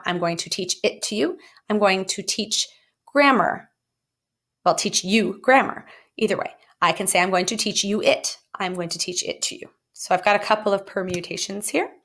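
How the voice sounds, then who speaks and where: A woman teacher talks through a grammar lesson in a recorded video. Her voice sits a little low for a woman. She keeps it playful and jokey, now and then jumping up high for emphasis. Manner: playful, jokey explanations with lively swoops up. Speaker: Spanish teacher.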